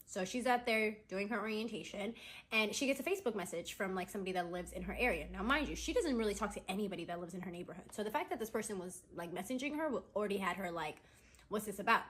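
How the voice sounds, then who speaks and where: A woman's voice: medium pitch, animated, quick pace. A woman casually retelling a friend's dramatic story in a chatty, gossipy storytime. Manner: chatty, gossipy, full of "like" and "right?". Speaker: storytime content creator.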